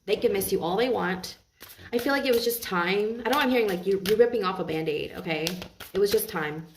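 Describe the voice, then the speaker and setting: A woman's voice: medium pitch, fairly quick, background noise. A woman giving a tarot reading to her viewers, earnest and heartfelt, often repeating and restarting her phrases. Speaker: tarot reader. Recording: roomy echo, mic at a distance.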